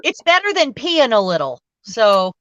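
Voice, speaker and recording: A woman's voice: fairly high pitch, sing-song, unhurried, a bit bright, no room sound. A woman chatting casually and teasing her co-host while she works on a craft project. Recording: dull dry lo-fi sound.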